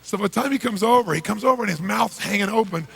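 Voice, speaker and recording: Gravelly, emphatic middle-aged man telling a story. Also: sits high, fast, a little hiss or hum. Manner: emphatic, swings from loud to hushed. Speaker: motivational speaker. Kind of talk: motivational storytelling.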